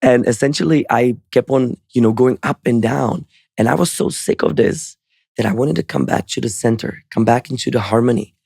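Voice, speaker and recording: Gravelly, earnest man. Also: mid-range voice, moderate pace, a little mellow, dry recording, studio quality. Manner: earnest, reflective. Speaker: podcast guest. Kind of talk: storytelling interview answer.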